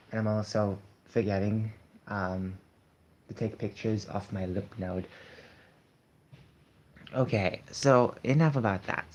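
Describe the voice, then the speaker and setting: Low-voiced man rambling, unwell. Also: darkish tone, slight background noise. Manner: hesitant, many fillers and restarts. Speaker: vlogger. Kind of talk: casual rambling talk to camera. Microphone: tablet streaming.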